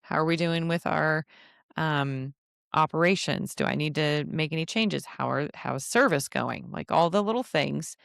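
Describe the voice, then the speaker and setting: Low-voiced chatty woman podcaster. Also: moderate pace, creaky, no echo, clean studio sound. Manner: chatty, laughs often, asides to herself. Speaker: podcast host and travel advisor. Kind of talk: casual solo podcast advice.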